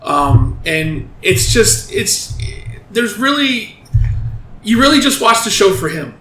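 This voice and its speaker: A man hosting a casual podcast, talking in a fairly high voice and retelling scenes with animated energy and plenty of swearing. The sound is roomy, with a faint ambient hum behind him. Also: slow pace. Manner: animated storyteller, swears freely. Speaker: podcast host.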